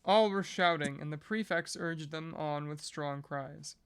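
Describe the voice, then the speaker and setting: A podcast reader reading a novel aloud at a measured pace, breaking off now and then for casual joking asides. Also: mid-range voice, a bit bright, clean tone.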